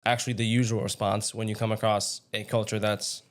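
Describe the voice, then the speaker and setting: A man's voice: on the low side, level tone, a little fast. A young adult man co-hosting a podcast, making dry, sarcastic remarks in casual conversation. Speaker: podcast co-host. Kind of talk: casual political podcast chat.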